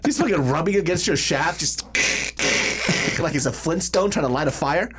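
A man's voice: on the high side, animated, moderate pace, background noise. A man co-hosting a comedy podcast, teasing his partner with crude jokes and frequent laughter. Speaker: podcast co-host. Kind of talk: casual comedic chat.

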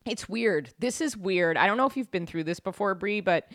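A woman's voice: mid-range voice, brisk, dry recording, studio quality. Young woman host, swearing and joking. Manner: animated, jokey, swears freely. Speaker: podcast host. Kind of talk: casual chat.

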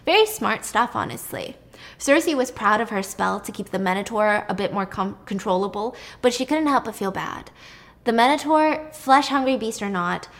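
A woman casually retelling a myth in a chatty, irreverent way, swearing now and then. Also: medium pitch. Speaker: storyteller.

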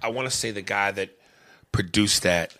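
A man co-hosting a podcast, chatting in an animated, opinionated way with some swearing. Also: on the low side, normal speed. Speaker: podcast co-host. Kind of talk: casual chat.

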